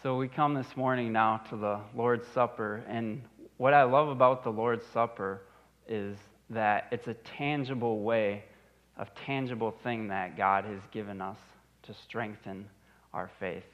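A man's voice: on the low side, fairly even intonation, unhurried, lo-fi sound. A man in his thirties preaching a sermon, earnest and repeating his key phrases for emphasis. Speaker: pastor.

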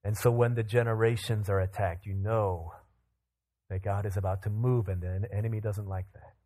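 A male pastor in his thirties delivers a sermon in a lower register. He tells stories with energy, acting out the voices in his quotes, then drops back into a plain conversational tone. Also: normal speed. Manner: animated storytelling, acts out quotes in bursts.

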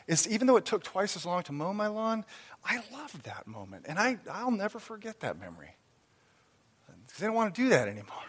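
A man in his thirties or forties preaching a sermon as a pastor, conversational and animated. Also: high-pitched, fairly quick, husky. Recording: long reverb of a hall.

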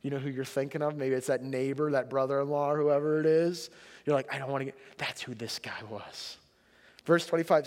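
A man's voice: a little high, fast talker, darkish tone. Man preaching in a reverberant hall. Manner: conversational preaching, rising emphasis on quotes. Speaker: pastor. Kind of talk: sermon.

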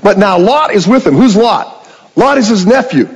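A man's voice: sits high, lively intonation, normal speed, husky, in a large hall, low-quality recording. A man preaching a sermon, retelling a story in a conversational way and asking the congregation rhetorical questions.

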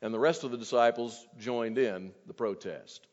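A man's voice: mid-range voice, normal speed, darkish tone. Preaching man in an echoing church. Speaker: pastor. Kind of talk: sermon. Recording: dull, long hall reverb.

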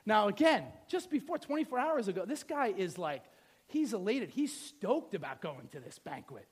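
A man's voice: high-pitched, big pitch swings, moderate pace, slightly rough. A middle-aged male pastor preaching a sermon, telling the story with playful asides and acting out the scenes.

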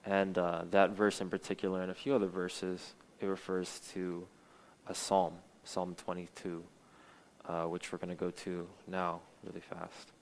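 Low, flat-voiced young man preaching. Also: measured pace, a little hiss or hum, poor audio. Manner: earnest, with frequent fillers and restarts. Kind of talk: sermon with scripture reading.

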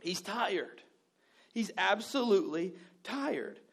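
A male pastor delivers a sermon in a high, lively voice that leaps up and down. He tells stories with playful, sarcastic humor and mimics the people in them. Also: slow pace, gravelly, husky. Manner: animated storytelling with mimicked voices and asides.

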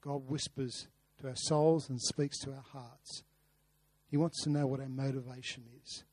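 A man's voice: mid-range voice, flat delivery, moderate pace, darkish tone. A man preaching a sermon, earnest, with rhetorical questions and repeated words. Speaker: pastor. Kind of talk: sermon with a told story.

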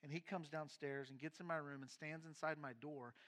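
A middle-aged man who is a pastor, telling his own story in a sermon, candid and shifting between quiet and emphatic moments. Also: a little high, fairly even intonation, brisk. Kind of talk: sermon testimony.

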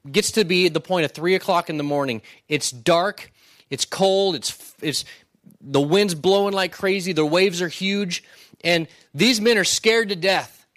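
A man's voice: high voice, a little slow, fairly bright tone, dry recording. A man preaching a sermon in a conversational way, often asking "right?" and restarting words. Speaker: pastor.

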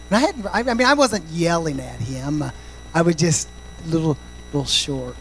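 A male pastor preaching a sermon, swinging from shouted, sing-song passages to quiet, confiding stories and dropping in "amen" and "praise God" often. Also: on the high side, lively intonation, normal speed, slight background noise, poor audio.

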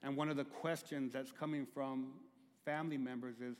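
A middle-aged man preaching a sermon as pastor, moving between hushed, drawn-out phrases and loud, high-pitched crying out. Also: fairly even intonation, in a large hall.

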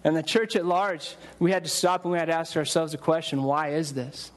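A man preaching a conversational sermon to his church, with restarts and quick acted-out quotes. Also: on the high side, steady tone. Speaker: pastor. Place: church sanctuary.

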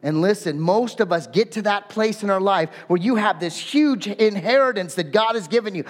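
Casual Southern California man preaching in a church; high-pitched, reverberant hall. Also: brisk, few pauses. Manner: conversational, self-deprecating. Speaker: pastor. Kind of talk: sermon. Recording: echoey hall.

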